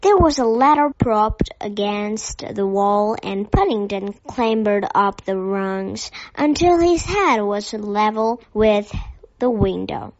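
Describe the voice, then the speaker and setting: A woman narrating a children's story with a gentle, careful reading. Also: medium pitch, expressive, slow, dry recording. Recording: dull dry lo-fi recording.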